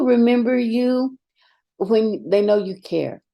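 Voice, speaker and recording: A middle-aged woman, a longtime educator, telling animated stories in a direct, emphatic way as a podcast guest. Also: low-pitched, normal speed, creaky. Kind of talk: storytelling in conversation.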